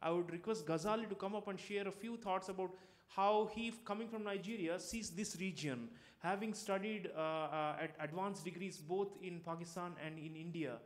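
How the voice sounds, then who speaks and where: A man's voice: high voice, normal speed. Hesitant conference moderator, man. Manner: hesitant, many ums and uhs.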